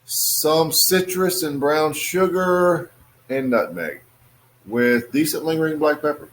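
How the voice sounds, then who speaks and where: Relaxed man reviewing a cigar. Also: on the high side, takes it slowly, slight background noise. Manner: relaxed, musing, many "uh" fillers. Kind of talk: casual review vlog.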